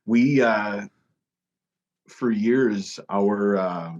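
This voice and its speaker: A man telling a story in casual chat, animated, jumping into a higher voice for quoted lines. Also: extremely slow, lo-fi sound. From United States. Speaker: podcast guest, touring musician.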